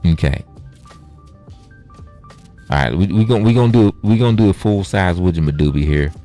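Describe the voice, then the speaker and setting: A man giving casual gameplay commentary in an animated, joking and profane way. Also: sits low, brisk, faint music behind. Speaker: gaming vlogger.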